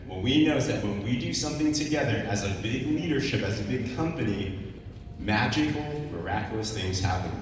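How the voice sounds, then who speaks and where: A man's voice: mid-range voice, slight background noise. A man giving an earnest, personal motivational stage speech at a company conference, with many fillers. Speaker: keynote speaker at a company conference. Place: large conference hall on stage. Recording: echoey hall, far from the mic.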